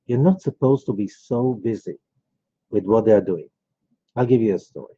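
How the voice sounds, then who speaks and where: Here a rabbi leads a class conversationally, his fairly low, warm voice moving at a moderate pace with a breathy edge. He tells personal stories and wanders into many asides, and the audio sounds dull and lo-fi.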